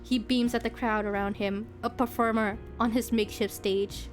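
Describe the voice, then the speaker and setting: A young woman streams herself reading a visual novel aloud, her voice sitting fairly high. She narrates with expression and drops into giggly asides, with soft game music under her. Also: steady tone, moderate pace.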